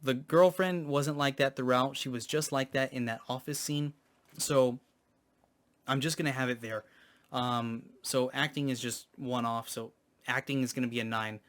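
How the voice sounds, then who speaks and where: A man's voice: mid-range voice, steady tone, normal speed. A man giving a casual spoken movie review, hesitant, with many ums and restarts.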